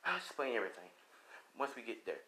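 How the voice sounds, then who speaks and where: A man voicing a calm, reassuring warrior princess who is a mother, speaking quiet and matter-of-fact. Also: mid-range voice, quick pace, rough recording.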